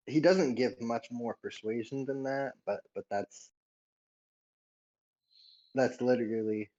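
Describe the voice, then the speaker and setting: A man's voice: mid-range voice, takes it slowly, mellow, lo-fi sound. A man playing a tabletop game, describing his character's actions hesitantly and repeating words as he goes. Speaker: player. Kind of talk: tabletop game role-play.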